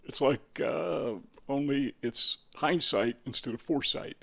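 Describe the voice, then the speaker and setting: A man's voice: mid-range voice, unhurried, gravelly, a bit bright. A man talking casually to camera in a musing way, asking rhetorical questions with a dry sense of humor. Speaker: video host. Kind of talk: casual spoken monologue.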